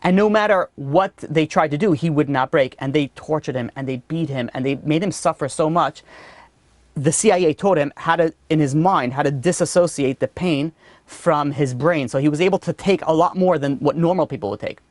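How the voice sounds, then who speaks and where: A man teaching a religious class, telling a story in a lively way with many "you know" asides. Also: fairly high pitch, moderate pace, no echo. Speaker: rabbi teaching a weekly class.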